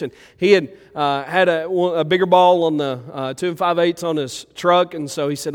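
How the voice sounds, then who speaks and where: A man's voice: fairly high pitch, a little fast, in a large hall. A male pastor preaching a sermon, telling a homey story full of fillers before leading a prayer. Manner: folksy, meandering, warm storytelling with many fillers. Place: church sanctuary.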